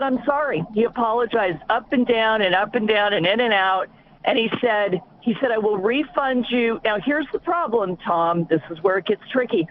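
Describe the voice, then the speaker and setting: A woman calling in to a talk show, indignantly retelling a complaint in a rush. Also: fairly high pitch. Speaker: caller. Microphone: phone. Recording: tinny phone line with faint hiss.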